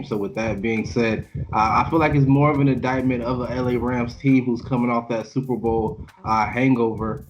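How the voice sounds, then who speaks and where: A man co-hosting a sports podcast, giving measured football analysis with frequent fillers. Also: on the low side, highs cut off, background noise. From Orlando, Florida. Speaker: podcast co-host. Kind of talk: casual sports analysis chat.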